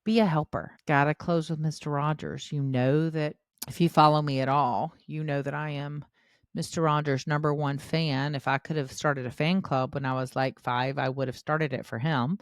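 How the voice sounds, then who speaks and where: A middle-aged woman giving encouraging parenting advice in a casual podcast, acting out quoted voices with animated shifts. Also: low-pitched, moderate pace, dry recording. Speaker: podcast host, parenting educator.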